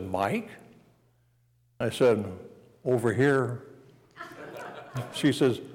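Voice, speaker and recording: A man's voice: medium pitch, in a large hall, poor audio. A man preaching at a revival meeting, telling a homey story and tagging lines with "amen?". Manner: folksy, storytelling, asks the crowd "amen?". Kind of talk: revival sermon with a personal story.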